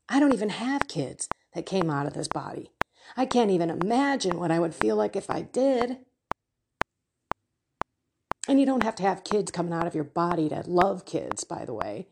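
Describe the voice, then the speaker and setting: A woman's voice: medium pitch, sing-song, normal speed, creaky, noisy background. A middle-aged woman giving an impassioned spiritual talk and prayer, fervent and emotional, sometimes dropping to a whisper. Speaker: faith coach and speaker.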